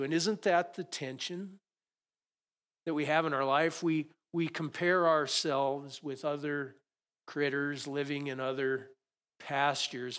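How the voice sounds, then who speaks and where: A man's voice: a little high, fairly even intonation, unhurried, a bit bright. A man preaching a sermon in a conversational, storytelling way, building to emphatic peaks. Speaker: pastor.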